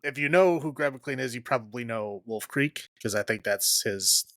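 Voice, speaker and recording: A man's voice: mid-range voice, normal speed, a bit bright, no room sound. A man hosting a casual horror podcast, chatting with a co-host and laughing often as he trails off mid-thought.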